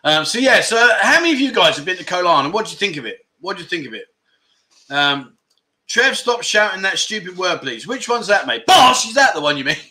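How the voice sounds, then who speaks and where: Quick and sing-song, this middle-aged man's voice is high-pitched, pushed and bright. He's hosting a laid-back livestream, joking around and reading viewer comments aloud.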